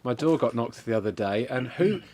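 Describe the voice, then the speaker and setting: A man streaming with friends, telling a silly story in a deadpan, rambling way, with plenty of swearing. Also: medium pitch, moderate pace. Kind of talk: casual stream banter.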